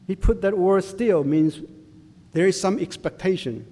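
Slow-speaking man preaching in a hall. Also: high-pitched, mellow. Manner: slow, deliberate preaching in simple non-native English. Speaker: pastor. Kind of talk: sermon. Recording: long hall reverb.

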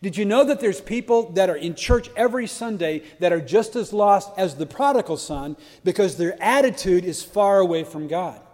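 Male preacher, high voice, earnest sermon, long echoing hall. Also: expressive, normal speed, few pauses, a little mellow. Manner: earnest and emphatic, with many restarts and rhetorical questions.

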